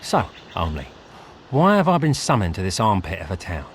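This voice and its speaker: A man's voice: sits low, huge pitch swings, a little fast, a little hiss or hum, heavily acted. An actor playing a sarcastic, greedy male hero who talks in a dry, wisecracking way.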